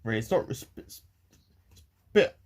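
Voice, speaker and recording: Rambling young man ranting. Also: darkish tone. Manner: rambling, repetitive, many pauses and restarts. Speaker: vlogger. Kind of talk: ranting to camera.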